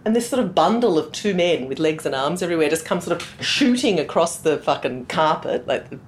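Woman, lower voice, very lively intonation, slight hiss. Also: a little fast. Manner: animated, swears casually, quotes people in voices. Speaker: radio presenter. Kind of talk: casual storytelling.

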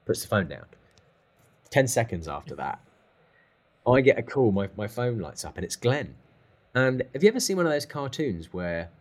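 A man telling a lively story as a guest, acting out the phone calls he describes. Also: on the low side, normal speed, pauses often. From England. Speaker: guest drummer. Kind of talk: casual storytelling.

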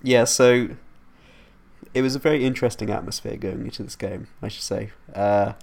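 A man's voice: mid-range voice, fairly even intonation, normal speed, gravelly, a little mellow. A young man hosting a football podcast in casual chat, rambling and stopping to correct himself. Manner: rambling, self-interrupting, laughs at himself. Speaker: podcast host.

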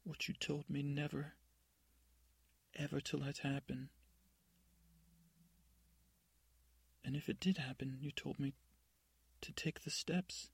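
Brief: man voicing a frightened young princess, sobbing and pleading, husky and dry. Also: medium pitch, fairly even intonation, unhurried, long pauses, dry recording, exaggerated voice. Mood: tearful pleading.

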